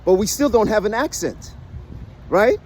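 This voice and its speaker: A man's voice: sits high, lively intonation, moderate pace, slight background noise. A man from the United States giving a casual, emphatic monologue to his viewers, often tossing in "right?" as he argues a point. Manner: keeps asking "right?" as he lectures; emphatic, questioning, persuasive. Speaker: vlogger. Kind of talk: casual talking-to-camera monologue.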